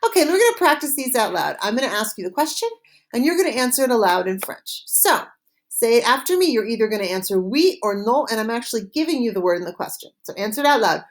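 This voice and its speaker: A woman leads a recorded language lesson. Her voice sits a little high. She spells out each phrase slowly and carefully so listeners can repeat after her. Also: sing-song. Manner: slow, clear modeling of phrases for repetition. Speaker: French teacher.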